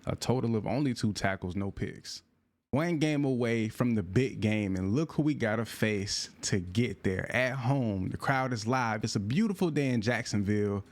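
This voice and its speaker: A man giving casual, slangy gameplay commentary, reacting loudly to plays, his voice going in and out. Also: medium pitch, lively intonation, normal speed. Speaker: gaming YouTuber.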